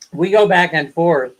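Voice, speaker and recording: This older man from the West, hosting a laid-back livestream, has a slightly high, fairly bright voice captured in a rough recording. Chatty and quick to laugh, he spins stories and performs other people's quoted words.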